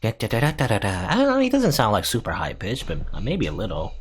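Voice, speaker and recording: A man's voice: lowish voice, huge pitch swings, quick pace. A man hosting a let's play, reading the game's text aloud and adding dry, sarcastic comments between lines. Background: faint game music.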